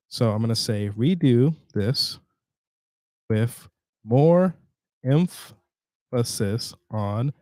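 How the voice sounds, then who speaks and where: A man hosting a casual screen-share tutorial, chatty and halting with fillers and restarts, sounding tired. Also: medium pitch, darkish tone, no echo, clean studio sound. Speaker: tutorial host.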